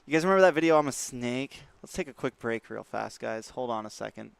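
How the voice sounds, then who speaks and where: A man's voice: medium pitch, expressive, fast talker, vocal fry, smooth, dry recording. A young man livestreaming, chatting casually with his viewers and laughing often. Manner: laughs often, talks straight to chat. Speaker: livestreamer and esports caster.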